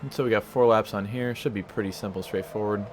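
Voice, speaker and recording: Man, lower voice, casual let's play commentary, rambling, self-mocking, faint background hiss. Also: steady tone, fast talker. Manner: rambling, self-mocking, sings silly stutters.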